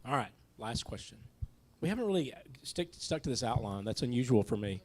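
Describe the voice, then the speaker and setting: A man's voice: medium pitch, big pitch swings, brisk, darkish tone. Man leading a church Bible class. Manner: casual, stumbling restarts, friendly.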